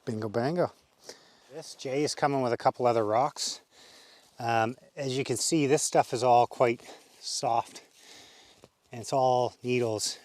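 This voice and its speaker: A man's voice: medium pitch, a little mellow. A man from Canada showing a friend how to set up a fire pit at a woodland camp, practical and matter-of-fact. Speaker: bushcraft guide. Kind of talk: casual outdoor explanation. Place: woodland campsite outdoors.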